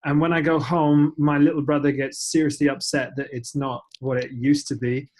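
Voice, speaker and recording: A man's voice: a little high, flat delivery, normal speed, a little mellow. A man with an English accent, chatting as a podcast guest in a self-deprecating way with many fillers. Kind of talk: casual interview chat.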